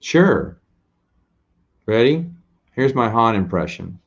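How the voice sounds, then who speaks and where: A man's voice: on the low side, animated, moderate pace, lo-fi sound. A man hosting a casual late-night live stream, chatting with viewers in a rambling, self-deprecating way and laughing often. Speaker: host answering viewers' questions.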